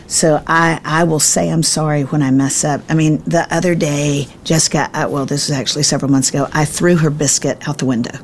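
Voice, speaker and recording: A middle-aged woman speaks with a low, gravelly voice. She is a Bible teacher, and she tells a family story with lively emphasis. She often pokes fun at herself, and a faint noise sits under her voice. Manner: self-deprecating, emphatic, quick to laugh at herself. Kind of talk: animated storytelling in conversation.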